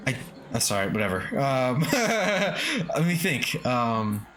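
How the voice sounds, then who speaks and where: A laid-back male streamer chats from his home setup, his voice rising and falling a lot as he talks. He swears freely and chuckles often while reading chat aloud. Faint lofi music plays softly behind him. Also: medium pitch, sing-song, takes it slowly. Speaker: game streamer. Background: faint lofi background music.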